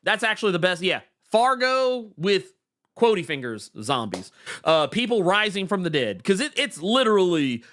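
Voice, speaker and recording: A man co-hosting a podcast, chatting casually about comics with animated stammering restarts. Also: high-pitched, normal speed, a little hiss or hum. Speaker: podcast co-host. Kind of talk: casual comic book chat.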